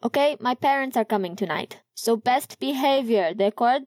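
A bossy young hockey player barks orders at his team, as a woman reads him in an audiobook. His voice sits a little high and dry, close to the mic, with a grumbling edge. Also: expressive, normal speed, a little mellow, no echo, lightly acted. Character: brash young male hockey player, French-speaking. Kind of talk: audiobook character voice.

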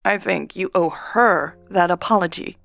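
A woman's voice: mid-range voice, lively intonation, measured pace, vocal fry, no echo, pitched above the performer's own voice. A woman voicing a tipsy, blunt young woman who slurs and speaks sharply in defense of her best friend. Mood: sharp, protective. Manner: slurring, sharp and protective. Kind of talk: audiobook character voice.

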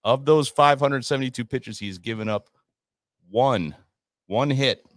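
Male co-host, dry deadpan humor, dry close sound. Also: medium pitch, measured pace, no room sound. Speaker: podcast co-host. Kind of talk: casual sports chat.

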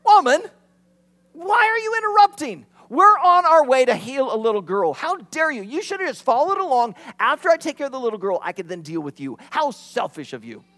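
A high, loud, exasperated Jesus figure who scolds and shrugs people off, as a preacher acts him out in a sermon. The voice jumps around a lot, dismissive and put out. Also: male voice, expressive, fairly quick. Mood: indignant scolding. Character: impatient, dismissive male Jesus, imagined.

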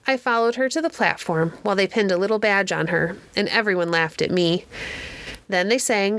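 A woman reading a classic novel aloud in a steady, clear narrating voice. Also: medium pitch. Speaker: audiobook reader. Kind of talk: audiobook narration.

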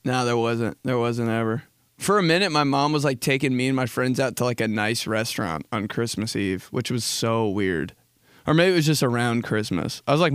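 A man's voice: medium pitch, normal speed, smooth, no room sound, studio quality. A man hosting a podcast who tells rambling comic stories in crude, casual talk and laughs often. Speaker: podcast host. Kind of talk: comedic storytelling chat.

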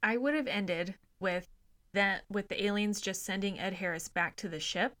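A woman's voice: mid-range voice, normal speed, fairly bright tone. A woman co-hosting a casual film podcast who speaks bluntly, swears and acts out bits of her own stories. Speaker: podcast co-host. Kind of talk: casual chat about a film.

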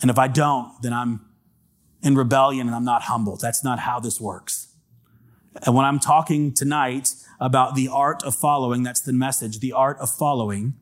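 A man preaching a sermon to a congregation, earnestly reading scripture aloud and calling for amens. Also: medium pitch. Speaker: pastor. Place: church with congregation.

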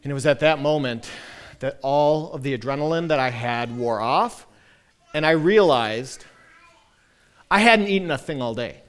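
Mid-range in pitch and at a normal speed, this thirty-something male pastor shares a personal anecdote in his sermon, leaving long pauses. He's animated, pokes fun at himself, and restarts many times.

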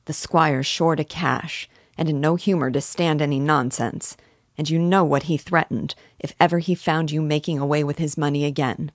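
A gloomy, bitter young man snaps savagely at his brother, pitched low by a woman reading a storybook aloud. The recording is dry and close. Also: steady tone, moderate pace, no room sound. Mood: angry. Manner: savage, tense.

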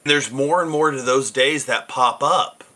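A man, a teacher, co-hosting a casual podcast chat in a lively, informal way. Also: mid-range voice, measured pace.

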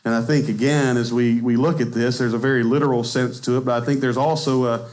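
Animated Texan man preaching a sermon. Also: medium pitch, a little fast. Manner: conversational, animated, laughs at himself. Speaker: pastor. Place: church sanctuary.

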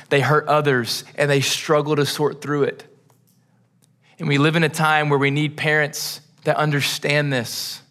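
A young man preaching a sermon as pastor, earnest, pausing for emphasis through long lists. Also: on the high side, fairly bright tone. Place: church sanctuary.

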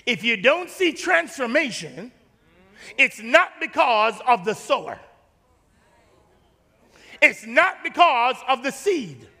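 A man from Jamaica preaching with a very high, bright, forceful voice that rings through the long reverb of a church sanctuary. He preaches in an animated, folksy way, repeating words and drawing answers from the congregation. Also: slow pace, pauses often. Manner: casual, folksy phrasing. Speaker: pastor. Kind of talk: sermon. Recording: long reverb of a large hall.

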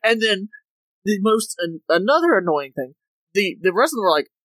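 A podcast host reviewing comic books in a casual, exasperated rant, full of "like" and quick asides. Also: mid-range voice, very animated, a bit bright, no room sound, poor audio. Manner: exasperated, ranting, heavy use of "like".

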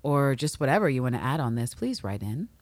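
Podcast co-host, woman, low and dry, lively and swearing in bursts. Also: fairly quick, no room sound. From New York City. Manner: animated, swears, bursts of excitement. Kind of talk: casual TV recap chat.

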